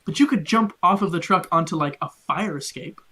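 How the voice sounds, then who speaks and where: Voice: medium pitch, brisk, bright, forceful tone, a little hiss or hum. A game master narrating a tabletop game in a loose, rambling way, full of "like" and "um". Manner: loose, filler-heavy narration with lots of "like" and "um".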